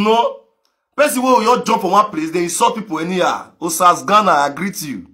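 A man with a Nigerian Pidgin accent ranting on a live video, mocking, laughing and breaking into shouts. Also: high voice, expressive, moderate pace. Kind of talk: animated rant in pidgin.

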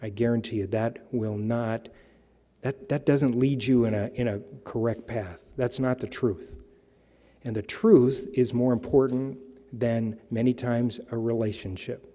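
Male pastor, measured sermon delivery, dark mellow tone, long hall reverb. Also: mid-range voice, fairly even intonation. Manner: slow, measured preaching, reading scripture aloud.

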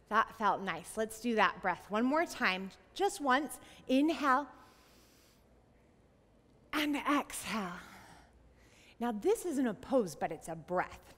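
A young woman guides a children's yoga class in a high voice that swoops up and down as she plays along. She talks slowly and encouragingly, with an unhurried sing-song delivery. A long reverb hangs behind her, as in a large room. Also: big pitch swings. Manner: playful, sing-song and encouraging, with animal sounds. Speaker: kids yoga teacher.

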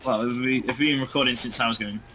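A man's voice: medium pitch, fairly even intonation, fast talker, crowd noise, poor audio. A young man from England bantering playfully while gaming with a friend. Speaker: co-player. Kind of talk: casual gaming chat.

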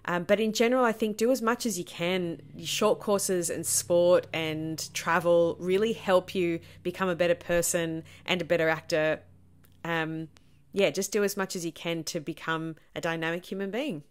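A woman's voice: lowish voice, steady tone, moderate pace, clear, resonant tone. A woman actor, answering questions in a chatty, self-deprecating way with lots of ums. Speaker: stage actor. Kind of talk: casual Q&A answers to camera.

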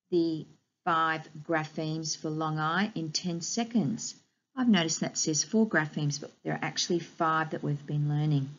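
Slow, clear woman teaching phonics. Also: on the low side, fairly bright tone, muffled recording. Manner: slow, clear, encouraging instruction with drawn-out sounds. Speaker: primary school teacher. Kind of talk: recorded phonics lesson for young children.

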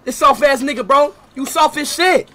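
A young man livestreaming, taunting and trash-talking loudly, often breaking into shouts. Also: very high voice, normal speed. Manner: loud, taunting, swings to shouting. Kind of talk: heated livestream banter.

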